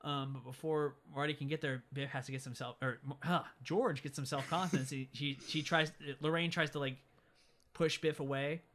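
A young man, a podcast co-host, casually retelling a movie scene by scene with lively quoted voices. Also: on the high side, normal speed. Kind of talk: casual movie recap chat.

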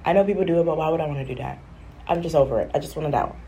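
A woman's voice: low voice, rapid-fire, creaky, dark tone, slight background noise. A woman chatting casually on a vlog, telling a rambling, exasperated story. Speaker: vlogger. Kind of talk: casual chat.

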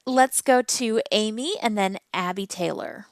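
A woman's voice: mid-range voice, unhurried, no room sound, studio quality. A woman moderating a group discussion, calling on the people who raised their hands.

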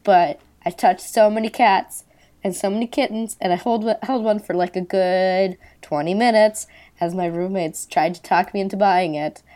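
A young woman co-hosting a podcast, hoarse and raspy from a cold, chatting in a laid-back way. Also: medium pitch, normal speed, warm tone. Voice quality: raspy, like a chain smoker. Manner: laid-back, laughs often, swears casually. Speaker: podcast co-host. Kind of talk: casual chat.

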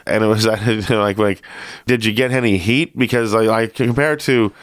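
A man hosting a casual interview, chatty and animated, laughing often. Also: fairly low pitch, normal speed, dry recording, clean studio sound. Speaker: podcast host.

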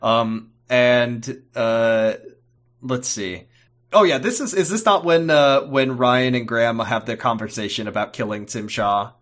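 A man's voice: mid-range voice, fairly even intonation, measured pace, fairly bright tone. Rambling casual male podcast co-host. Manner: rambling, swears, jumps into goofy robot voices. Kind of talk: casual recap chat.

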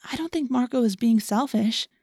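A woman voicing a gentle, thoughtful teenage girl who speaks softly and reflectively. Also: medium pitch, steady tone, moderate pace, no room sound, studio quality, natural voice. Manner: soft, hushed and reflective.

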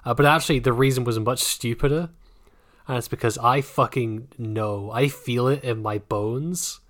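A man's voice: mid-range voice, normal speed, fairly bright tone. A man co-hosting a casual book podcast, rambling and joking, laughing often and swearing freely. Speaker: podcast co-host.

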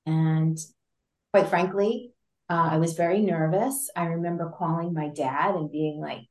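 A woman guest in an interview, telling a story in a lively way with frequent laughs, fillers and restarts. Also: low-pitched, normal speed. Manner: animated, laughs often, many fillers and restarts. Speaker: interview guest, patient advocate. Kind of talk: conversational storytelling. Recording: roomy echo.

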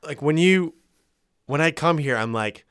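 A man's voice: a little high, expressive, a little slow, fairly bright tone, clean tone, dry recording, clean studio sound. A young man co-hosting a podcast from a bedroom, rambling and swearing in casual chat, often laughing. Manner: rambling, profane, laughs a lot. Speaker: podcast co-host. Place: home bedroom.

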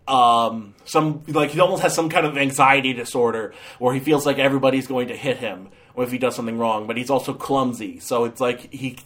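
A man's voice: mid-range voice, fairly bright tone. A man giving a casual, ranting movie review, sarcastic, with many fillers and restarts.

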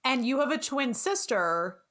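A woman's voice: sits high, expressive, unhurried, fairly bright tone. Enthusiastic woman podcast host. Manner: enthusiastic, laughs often. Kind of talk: casual chat.

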